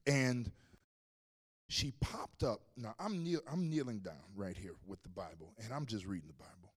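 A male pastor preaching a sermon, telling a story with animated swings between loud and hushed. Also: lowish voice, normal speed, slightly rough.

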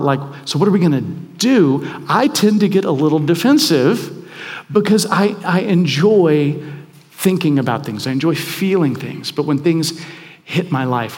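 High-voiced man preaching in a reverberant hall. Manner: conversational, self-deprecating, emphatic. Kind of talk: sermon.

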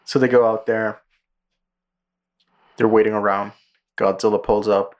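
A man co-hosting a podcast, casually retelling a movie plot with lots of swearing and quick character voices. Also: on the low side. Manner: profane, animated storytelling with quick character impressions. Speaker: podcast co-host.

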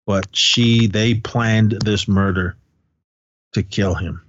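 A man's voice: fairly low pitch, slow, slight background noise. Profane ranting man on a podcast. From California. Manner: profane, ranting, animated storytelling. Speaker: podcast co-host. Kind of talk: casual podcast chat. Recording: dull, dry podcast recording.

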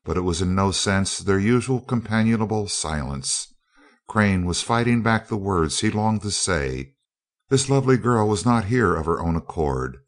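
A man narrating an audiobook in a steady, even storytelling manner. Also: deep voice, normal speed. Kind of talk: scripted narration.

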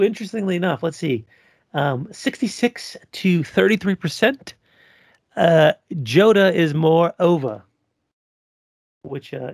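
Rambly podcast cohost guy, raspy gravelly voice, bouncy pitch, kinda high, dry sound. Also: no echo. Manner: loose and rambling, swears, lots of ums. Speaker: podcast co-host. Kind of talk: casual chat, reading poll results.

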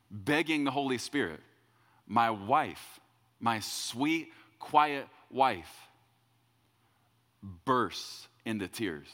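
A man's voice: fairly low pitch, a bit bright, long reverb tail. Middle-aged pastor guy telling a story from the pulpit, chatty, voice rings out in a big room. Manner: conversational, repeats words when quoting himself. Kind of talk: sermon storytelling.

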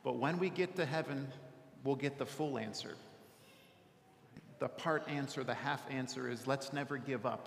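A man's voice: medium pitch, a little hiss or hum. A man preaching a sermon in a church, talking in a conversational way and often checking in with "right?". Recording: echoey church hall with long reverb.

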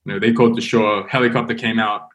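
A man, a podcast guest, telling a story in a casual, animated way, with lots of fillers and restarts. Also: fairly low pitch, quick pace, highs cut off. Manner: animated, rambling, heavy on fillers.

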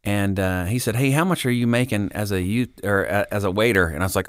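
A middle-aged man from Kansas, a podcast guest telling a story in casual chat, acting out the dialogue with lively voices. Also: lowish voice, fast, clear, resonant tone, no room sound, clean studio sound. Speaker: podcast guest, Christian singer-songwriter.

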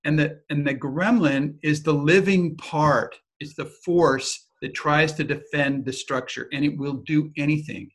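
Man, teaching talk, animated storyteller, casual swearing, slightly high voice. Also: a little slow, few pauses, husky. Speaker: teacher of personal transformation. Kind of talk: teaching talk with personal anecdote.

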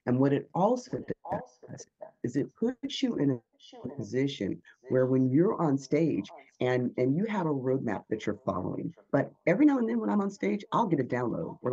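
A man's voice: medium pitch, sing-song, moderate pace, mellow, breathy edge, dull audio. A man who coaches public speaking, answering interview questions and acting out the inner voices he quotes.

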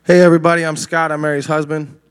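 A man's voice: fairly high pitch, little pitch movement, fast talker, clear, resonant tone, dry recording. A man from Maryland giving an earnest, preacherly testimony at a church service and quoting scripture. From Maryland, USA.

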